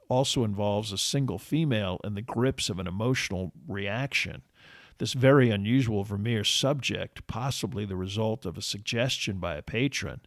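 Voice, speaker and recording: Man, lowish voice, dry close sound, measured scripted narration. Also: no room sound. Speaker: podcast narrator.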